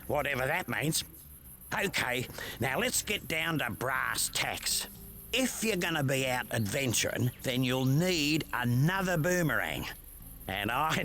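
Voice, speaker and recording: Murray, an Australian bilby. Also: male voice, on the high side, pushed and bright, full character voice. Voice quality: broad, folksy slang. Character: chatty male bilby sidekick, easygoing.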